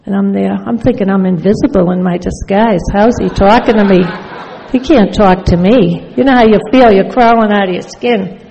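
A woman's voice: mid-range voice, normal speed, gravelly, warm tone, in a large hall, dull audio, slight background noise. A woman sharing her recovery story in a wry, storytelling way, acting out remembered conversations. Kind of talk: personal testimony talk.

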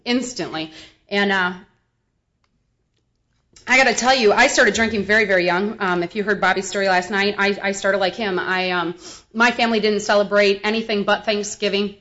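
A woman from Milwaukee, in the US Midwest, shares a frank, humorous personal testimony at a recovery meeting, rambling with many fillers in casual storytelling. Her voice is medium-pitched with a fairly bright tone. The recording is dull and lo-fi.

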